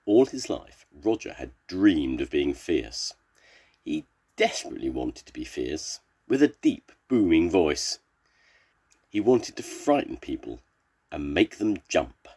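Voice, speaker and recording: Older grandad reading a kids book, slow, gravelly and deep. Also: male voice. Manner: slow, expressive storybook reading. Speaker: storyteller grandfather. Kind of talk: reading a children's story aloud.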